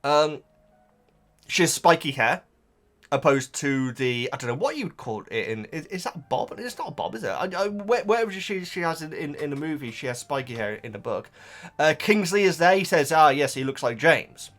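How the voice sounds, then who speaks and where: A man's voice: fairly high pitch, very animated, normal speed, fairly bright tone. A man rambling casually to his viewers about a book, with lots of restarts and asides. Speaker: vlogger reacting to a book.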